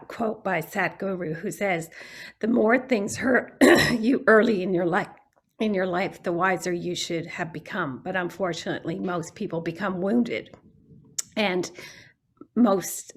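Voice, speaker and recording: A woman's voice: on the low side, breathy edge. A woman giving an earnest, reflective talk on self-care in an online meeting, often restarting her phrases as she thinks. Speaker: guest speaker. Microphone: video call.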